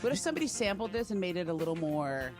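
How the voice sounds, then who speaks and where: A man from the Los Angeles Valley co-hosting a sports radio show in quick, playful banter. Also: high-pitched, sing-song, music in the background. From Los Angeles area, the Valley. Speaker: radio co-host. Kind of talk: casual sports talk.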